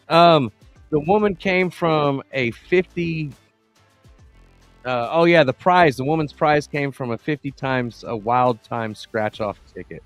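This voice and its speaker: A man's voice: fairly high pitch, measured pace, faint music behind. A man co-hosting a podcast, chatting loosely and reading out listener comments. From Texas. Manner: loose, joking, reads chat comments aloud. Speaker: podcast co-host. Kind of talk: casual late-night chat.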